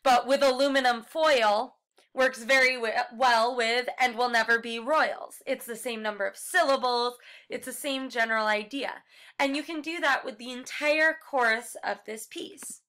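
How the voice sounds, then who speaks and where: A woman's voice: fairly high pitch, normal speed, pushed and bright. A woman music teacher explaining a class project step by step in a recorded lesson, now and then singing short examples.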